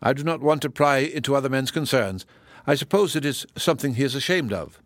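Bluff, insistent country squire, as a narrator puts him on. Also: male voice, mid-range voice, a little fast, no room sound, clean studio sound, natural voice.

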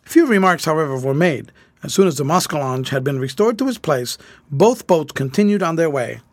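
A man narrating an old adventure story as an audiobook reader. His voice sits a little high and moves expressively through each sentence. The recording is dry and close. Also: a little fast, no echo. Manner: animated, expressive reading.

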